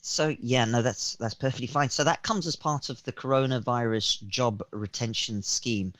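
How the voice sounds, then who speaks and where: A man, a guest accountant on a radio interview, explaining government schemes haltingly with many fillers and restarts. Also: mid-range voice, a bit bright, no room sound.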